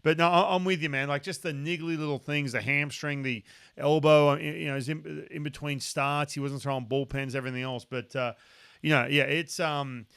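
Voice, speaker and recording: A man with an Australian accent hosting a casual sports podcast, chatty and excitable, full of restarts. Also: a little high, normal speed, vocal fry, clear, resonant tone, dry recording. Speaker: podcast host.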